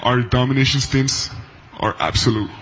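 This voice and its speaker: A man giving reflective post-game press remarks, halting and repeating words. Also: medium pitch, fairly bright tone, highs cut off, a little hiss or hum. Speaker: basketball player in press conference.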